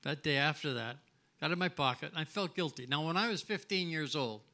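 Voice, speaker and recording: Older man spinning a forceful yarn. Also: on the high side, brisk. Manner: animated, acts out dialogue, many restarts. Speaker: guest. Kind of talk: casual storytelling. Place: restaurant live event.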